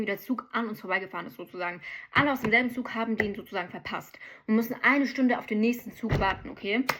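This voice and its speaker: A woman's voice: fairly high pitch, fairly bright tone. A young woman chatting straight to her viewers in a casual vlog, ranting and telling a travel story.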